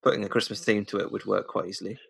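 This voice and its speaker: A man's voice: fairly low pitch, level tone, very fast, creaky, a bit bright, husky. A British man co-hosting a casual podcast chat, blunt and joking. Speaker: podcast co-host.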